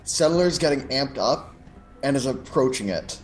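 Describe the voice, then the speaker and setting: A man's voice: medium pitch, lively intonation, moderate pace, soft background music. A man playing a tabletop game, describing his character's actions step by step in a matter-of-fact way. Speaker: player.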